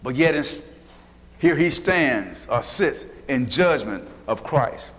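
A man preaches a sermon, recounting Bible stories in a folksy style and giving the characters different voices. He's animated yet slow, with medium pitch and a fairly bright tone, set in long hall reverb.

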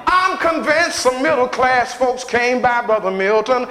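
A man preaching a call-and-response sermon in a church, building into chanted shouting. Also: very high-pitched, lively intonation, measured pace. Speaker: pastor. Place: church sanctuary. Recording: echoey church hall with long reverb.

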